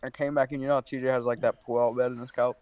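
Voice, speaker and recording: A man's voice: medium pitch, level tone, very fast, a little mellow, dry recording. A young man co-hosting a casual podcast who teases his friends, cuts in and swears. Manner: teasing, jumping in, swearing. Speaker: podcast co-host. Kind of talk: casual chat among friends.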